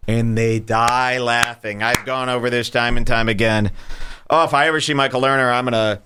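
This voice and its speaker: A man's voice: medium pitch, fairly even intonation, moderate pace, noisy background. A man hosting a podcast, mocking clips he plays in a crude, rambling way. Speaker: podcast host. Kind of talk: casual commentary over clips.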